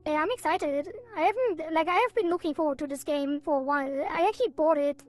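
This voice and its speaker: Woman, high voice, rambling, giggly, playful sound effects, casual stream chat. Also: brisk, faint music behind.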